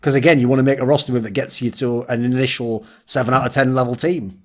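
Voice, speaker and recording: A man's voice: medium pitch, fast talker. A man hosting a casual esports round-table discussion, telling stories with boastful, swearing banter. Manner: animated storytelling with quoted voices.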